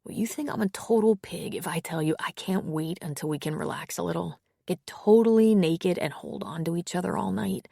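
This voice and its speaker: A woman's voice: fairly low pitch, fairly quick, creaky, hardly any pauses, dark tone, breathy edge, dry recording, clean studio sound. A woman voicing a stammering frantic teen boy. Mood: tender. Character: panicked seventeen-year-old boy.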